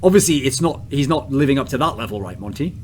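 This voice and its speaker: A man's voice: mid-range voice, animated, fast talker, darkish tone, slight background noise. An English man hosting a casual podcast chat, blunt, provocative and crude in his questions. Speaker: podcast host.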